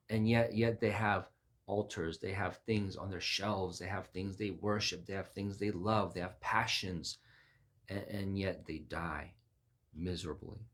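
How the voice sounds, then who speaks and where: A man giving an informal sermon-style talk, emphatic and repetitive, his voice jumping up whenever he acts out what someone says. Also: deep voice. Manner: emphatic, repeats words, voice rises sharply on quoted lines. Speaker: Christian preacher.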